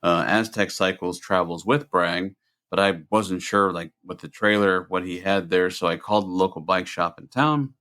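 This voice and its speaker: A man co-hosting a podcast, telling a rambling, animated story in casual chat with lots of fillers. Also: low voice, normal speed. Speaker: podcast co-host.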